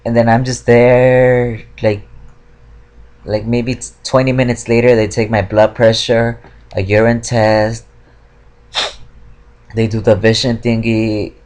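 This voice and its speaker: A man's voice: medium pitch, little pitch movement, slow pace, pauses often, a little mellow. A young man telling a story in a casual vlog, rambling with many fillers and heavy swearing, frustrated. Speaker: vlogger.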